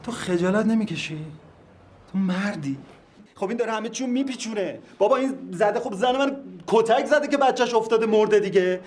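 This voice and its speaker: High-strung, hot-headed husband in a film drama, rattling off fast pleas. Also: male voice, lively intonation. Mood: angry pleading. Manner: shouting, pleading, rapid. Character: hot-tempered lower-class husband, desperate.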